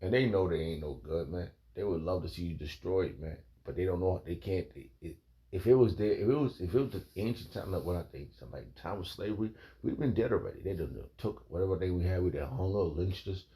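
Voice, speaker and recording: Deep gravelly man preaching casually. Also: expressive, quick pace, mellow. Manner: rambling and emphatic, fills lines with "man" and "bro". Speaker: informal preacher. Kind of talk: casual street preaching with scripture reading.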